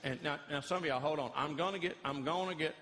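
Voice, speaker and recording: A middle-aged man telling animated, folksy comic stories as a Christian comedian in front of a live audience. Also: fairly high pitch, fast talker, slight background noise. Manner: folksy, animated, acts out voices of others. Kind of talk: live stand-up storytelling. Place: church hall with a live audience.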